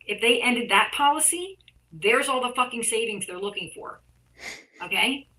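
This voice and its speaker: A woman's voice: fairly high pitch, lively intonation, moderate pace, pushed and bright, poor audio. A woman guest, an artist and art teacher, speaking bluntly and emphatically in casual conversation, with frequent swearing.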